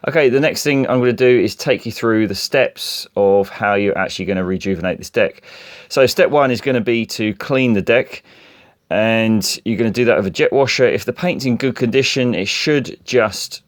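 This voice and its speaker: A man's voice: lowish voice, dry recording, clean studio sound. A man explaining a decorating job in a practical, plain-spoken DIY tutorial.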